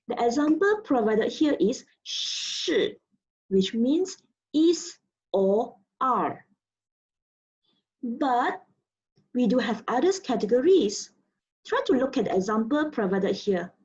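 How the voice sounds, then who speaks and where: Slow patient woman teacher drilling tones, kinda high voice, muffled lo-fi audio. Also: a little mellow. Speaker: Mandarin teacher. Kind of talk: slow spoken language lesson. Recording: muffled lo-fi recording.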